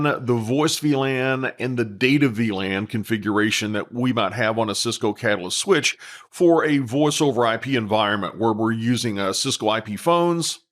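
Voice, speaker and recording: Male instructor, mid-pitched, methodical, dictates code for a screen-recorded tutorial.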